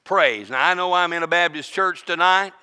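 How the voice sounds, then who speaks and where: Preacher guy, high bright voice, goes loud then hushed, big church echo. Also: moderate pace, clear, resonant tone. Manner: dynamic preaching, swinging from booming to hushed. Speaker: interim pastor. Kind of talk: sermon.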